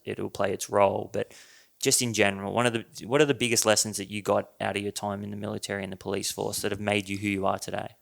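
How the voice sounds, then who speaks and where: A man's voice: lowish voice, vocal fry, fairly bright tone. A man hosting a podcast, asking a long question that he rephrases as he goes. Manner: rambling, rephrases his question. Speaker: podcast host. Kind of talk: interview question.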